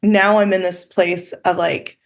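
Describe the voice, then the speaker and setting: A woman's voice: fairly low pitch, level tone, a little slow. A woman who is a podcast guest, speaking candidly about her own experiences, with frequent fillers and the odd swear word. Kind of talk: casual personal storytelling.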